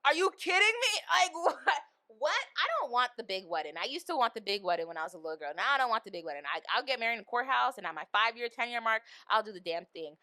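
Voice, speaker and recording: A young adult woman hosting a podcast, chatting casually about a movie and acting out lines with animated delivery. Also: medium pitch, rapid-fire, few pauses, no room sound. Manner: animated, acts out quoted lines. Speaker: podcast host. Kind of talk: casual movie review chat.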